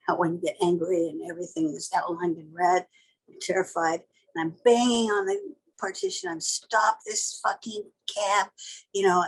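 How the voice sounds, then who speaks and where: An older woman who works as a tattoo artist tells a vivid story bluntly and casually, sometimes swearing. Her voice is fairly low, and the recording is rough.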